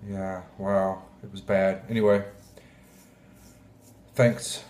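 A man pastor giving a heartfelt, halting sermon, often clearing his throat. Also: deep voice, level tone, darkish tone. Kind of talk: emotional sermon.

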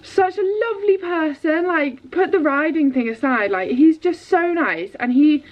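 A young woman talks excitedly and rambles in a casual vlog, her voice sitting a little high. The sound is dull and lo-fi. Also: moderate pace. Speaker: vlogger and dressage rider.

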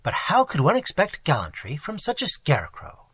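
A man narrating a classic novel aloud with an expressive, dramatic reading. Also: fairly high pitch, moderate pace, slightly rough, no room sound. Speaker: audiobook narrator. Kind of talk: scripted narration.

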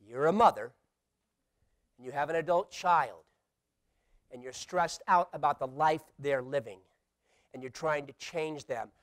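A middle-aged male pastor preaching a sermon, swinging from hushed asides to loud emphatic calls and playfully acting out quoted voices. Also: on the high side, a little slow, pauses often.

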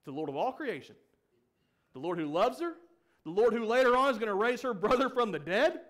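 A man's voice: high voice, expressive, fairly quick, a bit bright. A young man preaching a sermon as pastor, asking the congregation questions and acting out the quoted lines of the story. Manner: acts out quoted pleas with rising emphasis.

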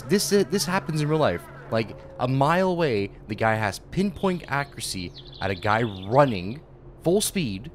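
A gameplay commentator with a mid-range, sing-song voice at normal speed narrates a let's play, sounding exasperated and rambling as he repeats himself. There's slight background noise.

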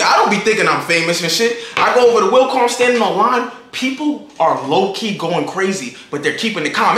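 A young man telling a storytime vlog in slangy, animated talk, acting out his own lines. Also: high-pitched, a little fast. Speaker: vlogger. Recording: echoey room, faint noise.

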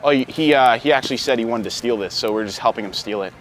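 A man hosting a street prank video, talking in a pleading, playful way with big swings in pitch, outdoors and inside a big store. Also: quick pace, a bit bright, slight background noise.

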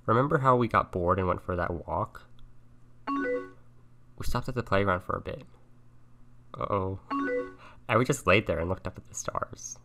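A young man playing a chat game on stream, thinking aloud and softly reading the messages on screen. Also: low voice. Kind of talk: casual let's-play commentary. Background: game music and keyboard typing.

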